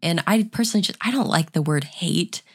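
A young woman with a slightly low voice, co-hosting a chat podcast. She talks bluntly and rambles from point to point, swearing freely. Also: animated, brisk, husky. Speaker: podcast co-host. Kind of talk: casual chat.

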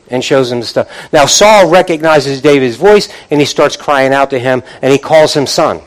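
Speaking at normal speed with few pauses, a medium-pitched pastor retells scripture as if in conversation. He keeps restarting phrases and prompting responses from the congregation, though the recording quality is low.

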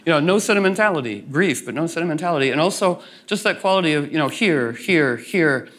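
Slightly high-voiced man musing playfully. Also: lively intonation, quick pace, fairly bright tone. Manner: meandering and playful, with frequent restarts and acted-out asides. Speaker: guest. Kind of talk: reflective conversational talk.

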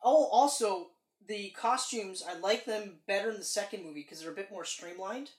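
Man, podcast co-host, excited movie talk, frequent swearing, roomy echo. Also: high-pitched, normal speed. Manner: animated, swearing, excited retelling. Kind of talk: casual movie chat. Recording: echoey room.

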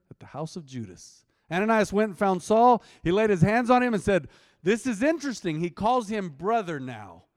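A man preaching an interactive sermon, reading scripture aloud and teasing and quizzing his congregation. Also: medium pitch. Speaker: pastor. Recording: long hall reverb.

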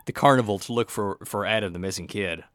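A man's voice: fairly low pitch, fast, a bit bright, dry recording, clean studio sound. A man co-hosting a casual podcast, recapping a plot with a wry tone. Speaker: podcast co-host. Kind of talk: casual chat recapping a TV show.

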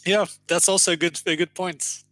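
Swedish guy, bright and hesitant. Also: high voice, steady tone, moderate pace, no room sound, rough recording. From Sweden. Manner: hesitant, filler-heavy. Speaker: podcast co-host. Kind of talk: casual chat.

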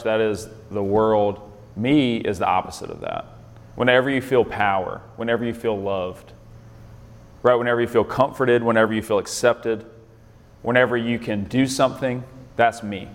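A man's voice: mid-range voice, big-room sound. A man leading an interactive Bible lesson in a conversational way, often quizzing his listeners with questions. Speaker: Bible study leader.

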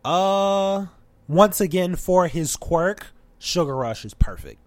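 A man's voice: high-pitched, animated, slow, no echo. A man in a casual chat, opinionated and laughing as he makes his points.

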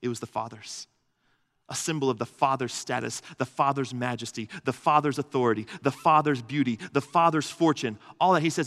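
A man's voice: on the high side, moderate pace, fairly bright tone. Earnest man preaching in a reverberant hall. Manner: earnest, emphatic, builds lists to a peak. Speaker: pastor. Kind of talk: sermon. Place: church hall. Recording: long reverb of a large hall.

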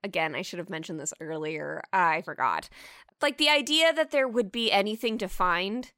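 A woman co-hosting a casual film review podcast, animated and swearing casually. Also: medium pitch, moderate pace, no room sound, clean studio sound. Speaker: podcast co-host.

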